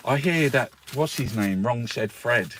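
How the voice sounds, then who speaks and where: A man's voice: medium pitch, expressive, a little slow, noisy background. Rambling, swearing man. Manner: rambling, swears freely, laughs often. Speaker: host reviewing newspapers. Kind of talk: casual chat.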